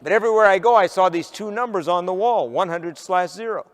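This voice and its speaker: A man from the northern United States giving a keynote speech, telling a story with lively pacing and firing rhetorical questions at the audience. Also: sits high, fairly quick. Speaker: motivational keynote speaker. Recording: long reverb of a large hall.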